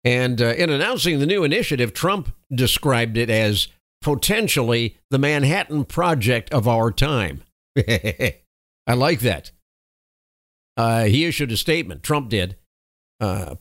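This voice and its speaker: A man's voice: mid-range voice, very animated, a little slow, a bit bright, no echo, studio quality. A man from the United States delivering an opinionated news commentary monologue, reading reports and adding emphatic asides. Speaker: political commentator.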